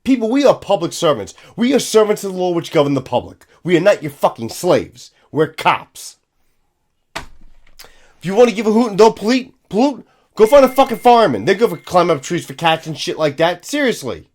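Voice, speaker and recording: Profane, ranting New cop. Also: male voice, sits high, sing-song, brisk. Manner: profane, scornful, emphatic. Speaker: police officer commentator. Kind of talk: ranting commentary.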